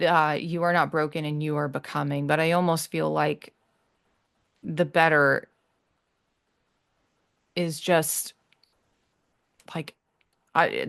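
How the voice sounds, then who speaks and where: Low-voiced woman host, earnest and reassuring. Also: creaky. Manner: earnest, reassuring, halting with restarts. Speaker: podcast host. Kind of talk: heartfelt solo podcast talk.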